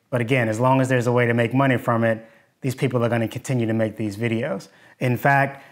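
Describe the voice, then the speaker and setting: A man teaching in a video lesson, plainspoken and skeptical as he picks apart hoaxes. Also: mid-range voice. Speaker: engineering YouTuber.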